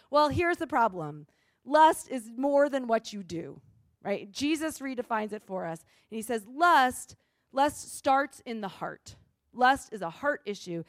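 A woman delivering a relaxed, chatty sermon with a high voice. She talks casually, tossing in "like" and "right?" to keep listeners with her. The sound is close and dry. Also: measured pace, dry recording. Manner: casual, asks "right?" often, says "like". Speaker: preacher. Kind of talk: conversational sermon.

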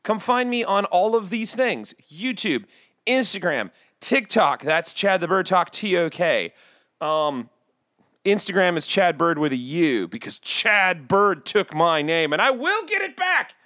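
A man playing a brash, judgmental male bird who hosts a podcast, rambling in a self-mocking way between loud bits and muttered asides. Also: high-pitched, sing-song, unhurried, dry recording, studio quality, full character voice. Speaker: podcast host. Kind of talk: comedic podcast monologue.

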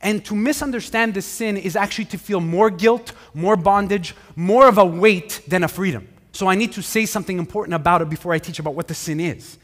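A male pastor preaching a conversational sermon, animated, with frequent restarts. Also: sits high, brisk, hardly any pauses. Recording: hall reverb.

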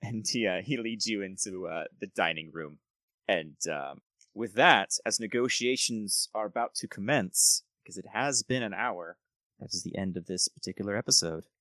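A man's voice: on the low side, moderate pace, sharp tone, no echo. A man narrating as game master of a tabletop game, describing scenes and correcting himself as he goes.

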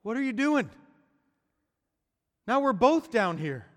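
A man's voice: very high voice, big pitch swings, fast talker, bright, forceful tone, pitched above the performer's own voice, full character voice. A man voicing a desperate man stuck in a hole, crying out for help in a raised voice, recorded in a reverberant hall. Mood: bewildered. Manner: pleading, rising cries for help.

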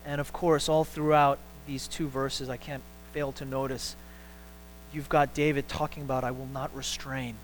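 A man preaching a sermon as a pastor in a church, talking in an animated way with many repeated words and restarts, climbing up for his emphatic points. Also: fairly high pitch, moderate pace, a little hiss or hum, low-quality recording. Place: church sanctuary.

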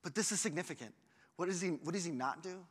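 A man preaching a sermon as a pastor, acting out quoted voices and moving between loud bursts and hushed lines. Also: a little high, fast, breathy edge. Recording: hall reverb.

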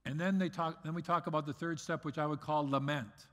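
A middle-aged man preaching a sermon as pastor, earnest, swinging between loud emphasis and soft asides. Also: fairly high pitch, fairly even intonation, brisk. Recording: long reverb of a large hall.

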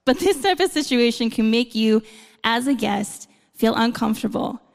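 Gravelly woman preaching in a big hall. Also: fairly high pitch, lively intonation, normal speed. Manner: conversational with playful asides. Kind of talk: sermon. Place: church hall. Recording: long hall reverb.

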